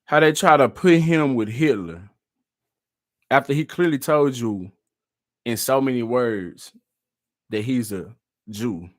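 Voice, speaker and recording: A man's voice: mid-range voice, slow, pauses often, no room sound, clean studio sound. A man vlogging casually and reacting to clips, slangy and loose. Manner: laid-back, slangy and loose.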